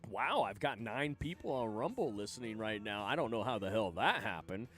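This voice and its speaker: A man's voice: fairly low pitch, lively intonation, normal speed, fairly bright tone, soft background music. A man chatting casually on his livestream, rambling, swearing freely and laughing often between thoughts. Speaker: livestream host.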